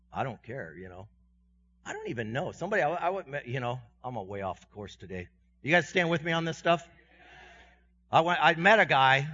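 Male pastor preaching casual, jokes on himself, goes loud then real quiet, dull muffled sound. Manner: conversational, self-deprecating humor; voice swings from loud and high to quiet and low. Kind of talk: sermon. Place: church sanctuary. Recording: dull sound with long reverb in a church hall.

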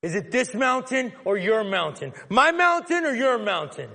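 A preacher doing a Samaritan woman, higher, louder, flustered, exclamatory, long hall echo. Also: very animated, gravelly, husky, exaggerated voice. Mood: evasive. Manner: rapid, exclamatory, deflecting.

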